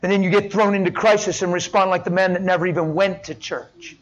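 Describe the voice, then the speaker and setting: A middle-aged male pastor with a strikingly high voice preaches a sermon, swinging from near-whispers to loud, impassioned shouting to drive home his points. His tone stays steady and he talks fast. The highs in the recording are cut off.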